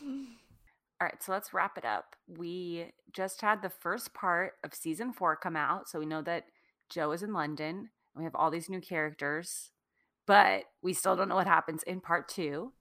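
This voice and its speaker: A woman's voice: fairly low pitch, unhurried, pushed and bright. A woman co-hosting a podcast in casual, playful chat. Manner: playful, jokey. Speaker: podcast co-host.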